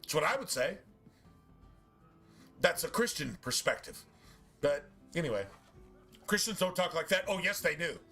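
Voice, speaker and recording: A man's voice: on the high side, animated, normal speed, pauses often, bright, forceful tone, faint music behind. A man streaming a game and ranting casually, swearing often in a preachy, emphatic way. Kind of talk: casual rant while gaming.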